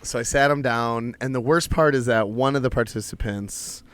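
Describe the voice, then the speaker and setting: A man's voice: mid-range voice, moderate pace, fairly bright tone, clean tone. Casual, profane storytelling man. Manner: loose, profane storyteller who laughs between lines. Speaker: podcast host. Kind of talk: casual chat.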